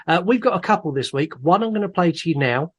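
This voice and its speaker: A man's voice: a little high, expressive, fast talker, fairly bright tone, slightly rough. A man co-hosting a casual movie podcast, joking and rambling a bit. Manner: jokey, rambling, self-deprecating. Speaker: podcast co-host.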